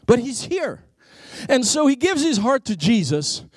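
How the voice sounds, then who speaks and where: A man with an accent preaches a sermon as a travelling evangelist. He tells his story with bursts of energy and stumbles over himself as he goes. His voice sits high for a man, and the sound is dry and close. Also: measured pace, no echo. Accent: non-native English accent. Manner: animated storytelling with many restarts.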